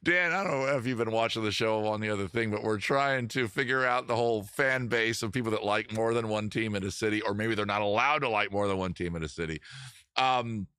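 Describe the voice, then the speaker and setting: A man's voice: on the low side, brisk, bright, forceful tone, clean tone, dry recording, studio quality. A man from Maryland hosting a casual live stream, rambling and joking as he answers viewer chat and corrects himself mid-sentence. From Maryland, USA. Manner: rambling, self-correcting, jokey. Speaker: host.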